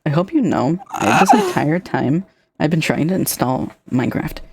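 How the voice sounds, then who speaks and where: A woman's voice: deep voice, wildly swooping pitch, normal speed, a little mellow, slightly rough. Woman guest on stream, rambly and jokey, swears a lot. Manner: rambling, joking, swearing freely. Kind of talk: casual stream chat.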